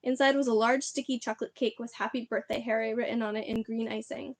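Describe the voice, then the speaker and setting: A woman reading a children's book aloud on a livestream, expressive and chatty between chapters. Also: on the high side, quick pace, no echo. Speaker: reader.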